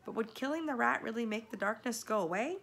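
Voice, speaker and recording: A woman reading a chapter book aloud with measured, expressive narration. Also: a little high, creaky, husky. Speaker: storybook reader.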